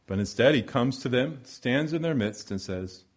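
A male preacher delivering a sermon, swinging from loud emphasis to a near whisper with long dramatic pauses. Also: medium pitch, expressive, slightly rough.

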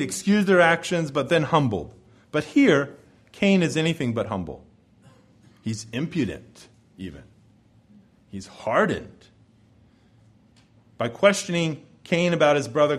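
A man preaching a verse-by-verse sermon, his voice sitting a little above the usual male range. He speaks in a measured, emphatic way and lets his phrases sink low and soft as they close. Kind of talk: expository sermon.

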